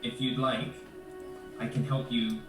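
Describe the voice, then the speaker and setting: A man voicing an earnest, gentle adventurer who stammers sincerely. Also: mid-range voice, level tone, unhurried, distant mic, over music, natural voice. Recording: echoey room, off mic.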